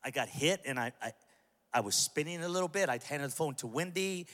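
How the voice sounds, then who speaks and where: A male pastor preaching a sermon to a large church, impassioned and humorous, building up to shouts. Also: on the high side, lively intonation, a little fast. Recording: long hall reverb.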